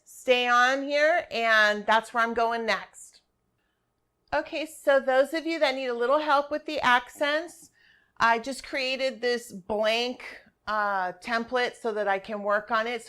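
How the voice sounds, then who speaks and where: Woman teacher talking slow on a screen share, smooth clear voice, goes over everything twice. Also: a little high, a bit bright. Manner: patient, repeats instructions step by step. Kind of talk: screen-share class walkthrough.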